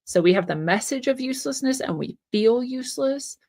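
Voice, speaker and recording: A woman's voice: high-pitched, animated, a little fast, darkish tone. A woman from the Pacific Northwest hosting a tarot channel, talking in a chatty, rambling way with frequent laughs and fillers before reading the cards. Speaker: tarot reader and channel host. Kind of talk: casual monologue, tarot reading.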